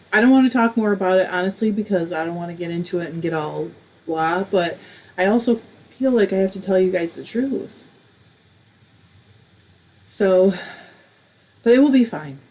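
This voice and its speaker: A woman's voice: on the low side, a little mellow, low-quality recording. Emotional woman chatting on a craft livestream. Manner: emotional, tearful at moments, laughing it off. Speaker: host of a live crafting stream. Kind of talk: casual livestream chat, reading comments aloud.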